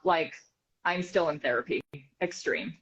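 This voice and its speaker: A woman from the United States, a news reporter and author, telling an animated story as an interview guest, quick and full of fillers. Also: deep voice, noisy background. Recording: slightly dull, muffled sound.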